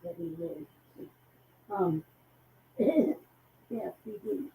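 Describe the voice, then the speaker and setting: A woman co-hosting a casual talk show, hoarse from losing her voice, rambling and profane. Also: lowish voice, very animated, very slow, dark tone. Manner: rambling, profane, laughs between thoughts. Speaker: co-host. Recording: echoey room with faint noise.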